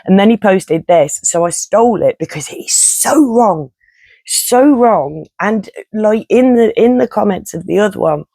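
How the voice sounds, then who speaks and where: A woman's voice: medium pitch, lively intonation, normal speed, gravelly, mellow, no echo. A woman, ranting bluntly and chattily to her viewers, swearing and laughing as she goes. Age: 50s. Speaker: vlogger. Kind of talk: casual rant to camera.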